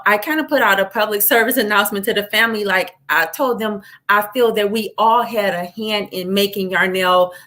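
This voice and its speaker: Bright-voiced woman hosting a livestream. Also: medium pitch. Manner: encouraging, animated storytelling. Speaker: host. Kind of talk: livestream interview chat.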